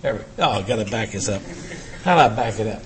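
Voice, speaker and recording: An older man giving a urology lecture to an audience, emphatic and animated, firing rhetorical questions at the room. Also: fairly low pitch, quick pace, a little hiss or hum.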